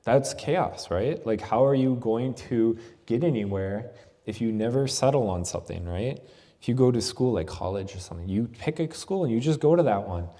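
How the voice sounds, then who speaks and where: Brief: male yoga teacher, conversational festival talk, warm dark tone, reverberant hall sound. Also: medium pitch, lively intonation, moderate pace. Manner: conversational, asks "right?" often. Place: festival venue.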